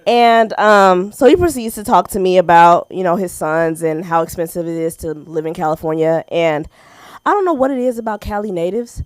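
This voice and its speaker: Her voice sits on the low side with a clean tone as this American comedian does an open-mic stand-up set at a normal pace. She animatedly acts out the people in her stories, quoting them and laughing. There's no echo.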